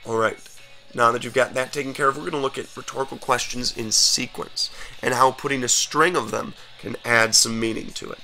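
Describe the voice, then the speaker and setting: A male teacher with a bright, forceful voice, pitched in the middle range. He explains a grammar lesson emphatically and speaks directly to his students. Faint music plays underneath. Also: fairly quick. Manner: energetic, emphatic, addressing students.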